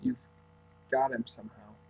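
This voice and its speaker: A man's voice: medium pitch, sing-song, normal speed, creaky, dark tone, slight background noise, rough recording. A man reading as a stubborn, fierce teenage girl. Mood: defiant.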